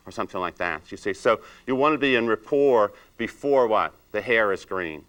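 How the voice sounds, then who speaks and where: A man with a lowish voice talks fairly quickly with hardly any pauses while leading a salon industry training seminar. He's animated, asking rhetorical questions and acting out client chats in a raised voice.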